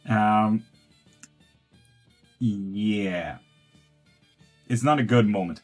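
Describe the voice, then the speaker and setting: A man's voice: lowish voice, very slow, pauses often, soft background music. A man giving casual tarot readings on a live stream, blunt and swearing freely.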